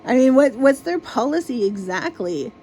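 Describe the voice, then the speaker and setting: Mellow-voiced woman ranting, exasperated. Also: high-pitched, sing-song, normal speed, slight background noise, poor audio. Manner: exasperated, swears freely. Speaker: vlogger. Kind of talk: casual ranting monologue.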